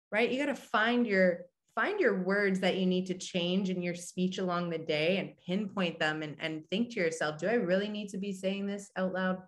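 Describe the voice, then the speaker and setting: Speaking at normal speed in a lowish voice with hardly any pauses, a female podcast host gives a casual motivational talk. She's frank and blunt, swears casually, and asks her listeners directly whether they agree.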